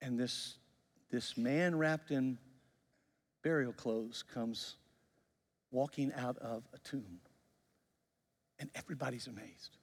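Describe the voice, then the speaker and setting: A male pastor preaching a sermon, telling the story with lively acted-out voices. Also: medium pitch, slow pace, long pauses. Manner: animated storytelling, acts out quoted voices. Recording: long reverb of a large hall.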